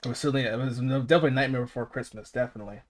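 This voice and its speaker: A man's voice: medium pitch, steady tone, very fast. Rambling, laughing male streamer. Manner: rambling, laughing, profane, many restarts. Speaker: podcast host and streamer. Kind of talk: casual stream chat.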